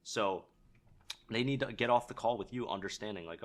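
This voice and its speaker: A man's voice: fairly low pitch, normal speed. A young man teaching sales calls in a casual, conversational way, acting out sample lines to sellers. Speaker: sales trainer. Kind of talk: instructional talk with role-played sales calls.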